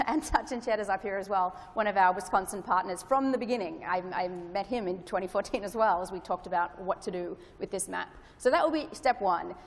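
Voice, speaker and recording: A woman's voice: mid-range voice, a little fast, few pauses. Australian woman presenting in a hall. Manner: hopeful, earnest, with fillers. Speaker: conference presenter, lawyer. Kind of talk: conference presentation. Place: large conference hall. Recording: reverberant lecture hall.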